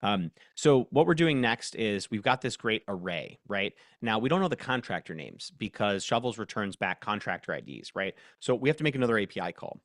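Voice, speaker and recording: A man presenting a casual live workshop demo. He thinks aloud, gets excitable and laughs often. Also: lowish voice, a little fast, hardly any pauses, dry recording, studio quality.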